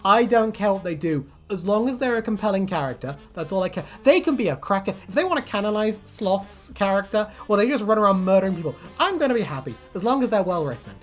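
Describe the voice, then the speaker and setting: A woman co-hosting a casual chat, animated and laughing often, breaking into silly voices. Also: mid-range voice, fast, hardly any pauses, soft background music. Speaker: co-host.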